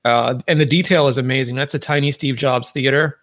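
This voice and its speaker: A man's voice: mid-range voice, fairly even intonation, brisk, fairly bright tone. A man with a Canadian accent, co-hosting a tech podcast in casual, enthusiastic chat. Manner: chatty, enthusiastic describing details. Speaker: podcast co-host.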